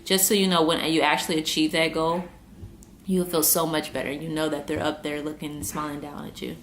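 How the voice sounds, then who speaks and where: Low-voiced woman talking earnestly. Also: little pitch movement, a little fast, a little hiss or hum. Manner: earnest, repeats herself, trying not to cry. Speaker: vlogger. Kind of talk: personal talk to camera.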